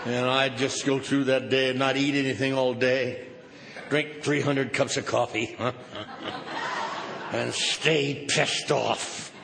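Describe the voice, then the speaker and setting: A man's voice: medium pitch, flat delivery, takes it slowly, gravelly. An older man telling a story at a recovery meeting with a sardonic, punchy comic delivery. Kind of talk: humorous storytelling talk. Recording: reverberant hall with background noise.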